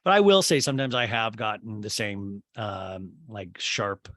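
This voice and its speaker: Animated, sarcastic male podcast host. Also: fairly low pitch, measured pace, no room sound, clean studio sound. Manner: profane, mocking, animated storytelling. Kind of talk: comedic TV recap.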